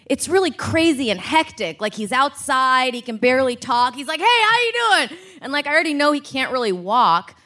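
A woman's voice: high voice, pushed and bright. A woman co-hosting a live comedy podcast on a theater stage, telling rambling stories and laughing mid-sentence. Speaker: podcast co-host.

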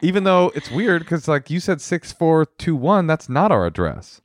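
A man in his thirties co-hosts a podcast, chatting casually and comically and rambling through stories with many restarts. His pitch swings widely, and the recording is dry and close. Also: moderate pace, dry recording. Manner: animated, rambling storyteller with restarts. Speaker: podcast co-host. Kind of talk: casual comedic chat.

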